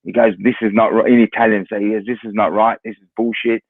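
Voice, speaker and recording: A former footballer with an Australian accent tells anecdotes as a guest, talking casually, repeating words and acting out what others said. He speaks fast in a fairly low, flat voice, and the audio is narrow and tinny, with no echo.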